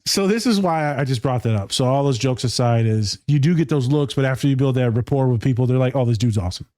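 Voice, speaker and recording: Joking podcast co-host man, mellow voice. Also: medium pitch, fast talker, no room sound, clean studio sound. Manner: joking, swears freely, acts out quotes. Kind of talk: casual podcast chat.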